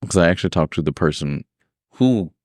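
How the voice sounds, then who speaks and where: A man's voice: brisk, no echo, clean studio sound. A man hosting a podcast, telling his work stories in casual chat and acting out his customers with big jumps in his voice. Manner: animated storyteller, acts out customers with big pitch jumps. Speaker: podcast host.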